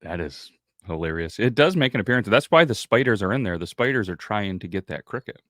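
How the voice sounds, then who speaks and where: A man with a very deep voice chimes in with dry, wry remarks on a podcast. The sound is close and dry. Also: lively intonation, a little fast, fairly bright tone, dry recording. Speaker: podcast co-host. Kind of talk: casual chat.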